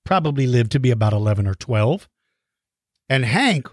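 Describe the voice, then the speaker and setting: Here a dinosaur-themed question show is led by a male host with a mid-range voice who takes viewer questions at a measured pace. His intonation is lively, and his playful, teacherly explaining is geared toward kids. He uses his own microphone, producing a dry recording with clean studio sound.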